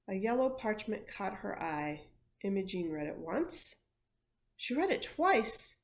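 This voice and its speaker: A woman, an education coordinator, reading a picture book aloud with expressive storytelling. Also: medium pitch, measured pace.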